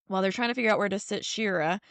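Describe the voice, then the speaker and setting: A woman's voice: medium pitch, racing, a bit bright, no room sound. A woman hosting a show, chatting casually and acting out quoted lines as she retells episodes. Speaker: podcast host. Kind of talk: casual chat recapping episodes.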